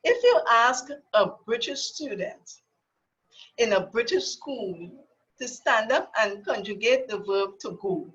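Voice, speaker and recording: A woman from Trinidad and Tobago with a Trinidadian accent, giving a prepared humorous speech at an online club meeting, slow and deliberate, with emphatic stresses. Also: on the high side, big pitch swings, a bit bright, highs cut off. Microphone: video call.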